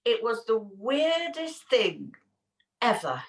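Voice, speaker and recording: A woman's voice: a little high, sing-song, slow pace, far from the mic, slight background noise, low-quality recording. A woman co-hosting a casual chat, telling a story with lots of laughter and acted-out voices. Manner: chatty storyteller, laughs often, acts out quoted voices. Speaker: co-host.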